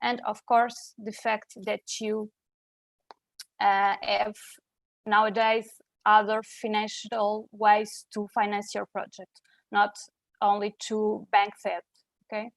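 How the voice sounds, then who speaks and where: A woman's voice: mid-range voice, completely flat delivery, slow, gravelly, long pauses, dry recording. A woman with a Portuguese accent giving a technical presentation on a video call, hesitant with many fillers and restarts. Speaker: presenter at a webinar.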